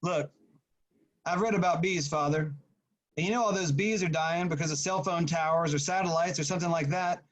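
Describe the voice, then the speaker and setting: A man's voice: fairly high pitch, brisk, lightly acted, rough recording. Give me a man reading as a sorry, plainspoken husband confessing to a priest. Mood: remorseful. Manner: folksy, rambling, confiding. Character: remorseful working-class husband at confession. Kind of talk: reading a novel aloud.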